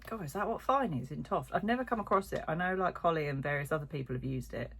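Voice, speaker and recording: A middle-aged woman rambles cheerfully through a yarn haul for her crochet channel, full of ums and side comments. Her voice sits a little low for a woman. A faint hiss runs under the recording. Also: lively intonation, quick pace, gravelly, fairly bright tone. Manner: chatty, lots of ums and asides. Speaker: crochet vlogger. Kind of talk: casual chat while unboxing.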